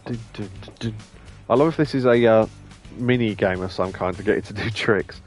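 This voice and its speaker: A let's play streamer with a lowish voice talks briskly while playing a game, musing aloud and laughing often. Faint music can be heard behind his casual commentary.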